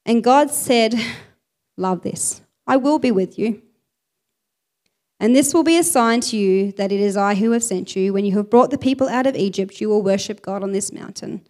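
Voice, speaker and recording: Woman preacher, expressive sermon delivery, medium pitch. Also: normal speed. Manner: expressive, reads scripture aloud with emphasis.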